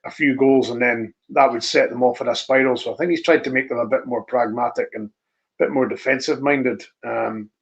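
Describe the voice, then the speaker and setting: A man co-hosts a casual football chat, rambling through his points with restarts and short laughs. His voice sits at an ordinary middle pitch. The audio comes through dull and lo-fi. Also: steady tone, fairly quick, vocal fry. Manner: rambling, hesitant, laughs often. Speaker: podcast co-host.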